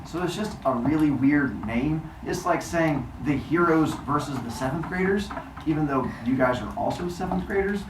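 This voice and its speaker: A man's voice: on the high side, moderate pace, noisy background. A male teacher telling a myth to a class in a playful, jokey way, recorded in a classroom from a distance. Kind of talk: classroom storytelling. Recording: roomy, distant mic.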